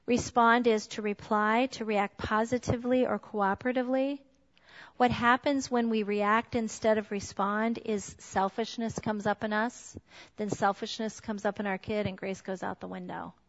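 A woman's voice: medium pitch, steady tone, moderate pace. A middle-aged woman giving a candid, conversational talk to a group of parents. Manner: conversational, candid, with a personal story. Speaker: speaker on parenting. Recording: dull sound in a large reverberant hall.

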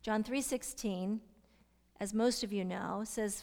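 A middle-aged woman teaching a Bible study, asking her listeners questions and sometimes dropping into soft whispers to stress a point. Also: mid-range voice, slow pace, creaky. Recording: long hall reverb.

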